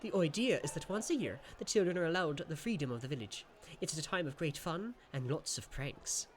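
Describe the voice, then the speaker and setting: A man voicing a tiny, cheeky male winged sprite that chirps its lines in a high, impatient sing-song. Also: expressive, fairly quick, slight background noise, lightly acted. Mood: chirpy.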